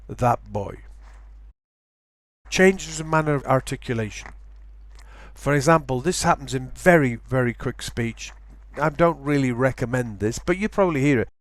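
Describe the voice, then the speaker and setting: A man's voice: mid-range voice, no echo. Dry-voiced male pronunciation teacher. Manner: demonstrates sounds, repeats example words slowly. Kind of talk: lecture with spoken examples.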